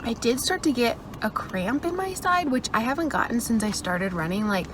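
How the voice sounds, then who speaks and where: Speaking indoors at home, a female vlogger talks to camera in a chatty, upbeat way full of "like". Her slightly high voice is expressive and moves at normal speed over background noise. She sounds worn out, catching her breath between runs.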